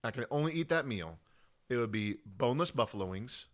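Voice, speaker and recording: A man's voice: medium pitch, lively intonation, fairly quick. A man hosting a podcast, chatting casually and laughing a lot, with a stutter on certain words. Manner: laughs a lot, playful banter. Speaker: podcast host. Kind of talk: casual chat.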